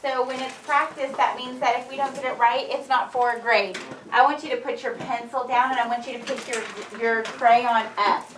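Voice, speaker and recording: A woman teacher with a slightly high voice, walking a class through a phonics drill and stretching out each word. She sounds distant and roomy, captured from across an echoing classroom with faint noise. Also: steady tone. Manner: slow, clear drilling of words. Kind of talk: phonics lesson. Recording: echoey room from a distance.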